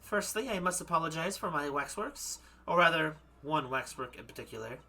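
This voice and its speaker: A man's voice: on the high side, expressive, pushed and bright, heavily acted. A man putting on a poised French waxwork lady. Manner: mock foreign accent, slipping toward German; formal, measured, stumbling over French words. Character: young female French waxwork artisan, poised and macabre. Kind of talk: reading game dialogue aloud.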